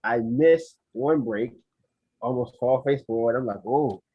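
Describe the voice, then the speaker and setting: A man co-hosting a podcast, telling an animated, profane story and acting out his own lines. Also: mid-range voice, unhurried, slightly rough, no room sound. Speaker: podcast co-host. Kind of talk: casual storytelling chat. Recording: dry, dull lo-fi sound.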